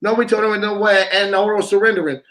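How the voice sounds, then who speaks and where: High-voiced man chanting freestyle wordplay. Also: flat delivery, fast, fairly bright tone. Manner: stream-of-consciousness wordplay, chanting repeated words. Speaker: vlogger. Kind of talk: freestyle rambling monologue.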